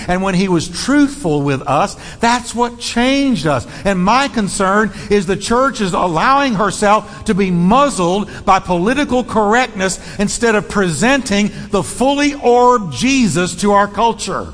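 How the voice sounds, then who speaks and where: Pastor, male, bold emphatic preacher, high voice, long hall reverb. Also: lively intonation, measured pace, hardly any pauses, a bit bright. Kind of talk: sermon.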